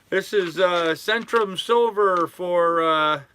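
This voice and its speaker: Rambling older man, bright voice. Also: sits high, a little hiss or hum. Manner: rambling, relaxed, drawling with fillers. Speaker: sailing vlogger reading live chat. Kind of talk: casual live-stream chat. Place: aboard a sailboat in a harbor.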